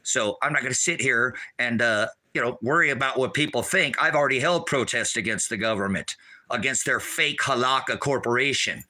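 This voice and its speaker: A man's voice: medium pitch, fairly quick, pushed and bright, rough recording. A middle-aged American man preaching off the cuff, combative and rambling, scolding his listeners. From United States.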